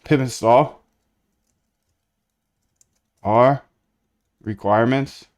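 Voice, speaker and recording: A man's voice: mid-range voice, drawn-out words, a little mellow. A man streaming himself coding, chatting casually and thinking aloud as he works. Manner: thinks aloud while working, chatty and loose. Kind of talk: casual live-coding chat.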